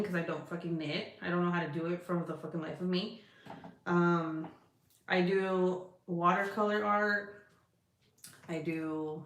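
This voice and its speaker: A woman's voice: on the low side, a bit bright. A woman hosting a casual crafting livestream, rambling and swearing freely as she chats with viewers. Her voice carries a roomy echo with a faint hiss of background noise underneath. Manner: chatty and profane, talks to her cat between thoughts. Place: indoor room at her craft desk.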